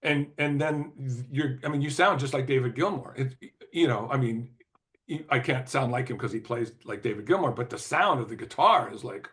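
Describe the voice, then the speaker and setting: An older man, a former record executive, telling stories as an interview guest in a loose, rambling way, with lots of "you know" and throat clearing. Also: medium pitch, moderate pace, fairly bright tone. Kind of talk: casual anecdotal storytelling.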